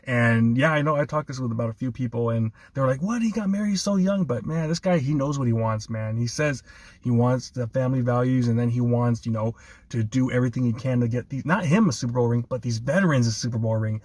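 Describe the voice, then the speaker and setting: A man's voice: mid-range voice, fast, darkish tone, no room sound. A man hosting a casual sports chat, laughing often and talking with enthusiasm. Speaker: sports podcast host.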